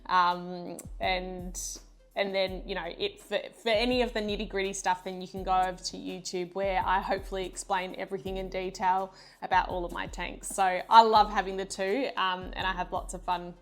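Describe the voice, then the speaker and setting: An Australian woman from Western Australia talks in a relaxed, lighthearted way, filling her answers with ums and you knows. She sounds like a guest in a casual online interview about her hobby. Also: medium pitch, normal speed, soft background music. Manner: chatty, lighthearted, many fillers. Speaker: guest, reef aquarium YouTuber. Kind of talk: casual video-call interview.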